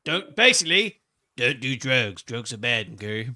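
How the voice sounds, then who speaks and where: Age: adult. Sex: man. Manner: animated, joking. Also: mid-range voice, moderate pace. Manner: rambling, joking, animated storyteller. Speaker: podcast co-host. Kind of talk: casual wrestling chat.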